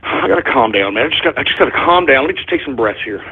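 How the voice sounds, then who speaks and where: A man hosting an internet radio show in a comedic ranting style, exasperated and swinging between low muttering and shouting. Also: expressive, fast talker, slightly rough. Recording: tinny phone-like lo-fi audio.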